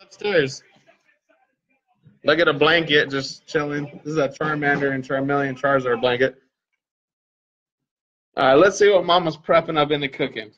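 A man's voice: fairly high pitch, moderate pace, pauses often, a bit bright, lo-fi sound. A man hosting a casual livestream, joking with viewers and swearing freely. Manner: joking, profane, talks straight to viewers. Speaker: livestream host and parent.

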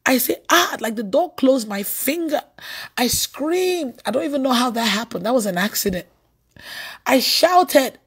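A woman preacher gives a lively sermon, slipping into a storytelling tone. Her voice sits a little high. She breaks into laughter and sudden exclaimed shouts as she tells her stories. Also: husky.

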